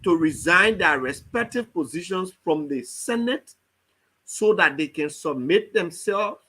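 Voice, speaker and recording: Man, high bright voice, argumentative, political debate guest. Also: lively intonation, measured pace, poor audio. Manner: pressing, argumentative questioning. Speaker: opposition party official. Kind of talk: political talk show debate.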